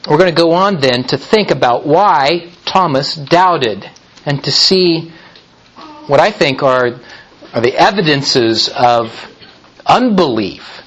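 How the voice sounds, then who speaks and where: A man preaching a sermon in an emphatic, deliberate way, often restarting his phrases. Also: fairly high pitch, fairly bright tone, low-quality recording.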